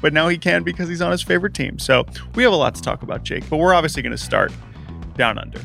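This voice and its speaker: A man co-hosting a casual sports podcast, animated and quick to act out mock quotes. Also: fairly high pitch, vocal fry, over music. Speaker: podcast co-host.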